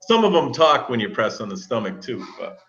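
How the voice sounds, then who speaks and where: A man's voice: mid-range voice, sing-song, a little fast, creaky, fairly bright tone. A man with a mid-range voice hosting a casual live stream. He is easygoing and often chuckles as he chats along, and the audio is muffled and lo-fi. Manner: easygoing, chuckling, thinks aloud.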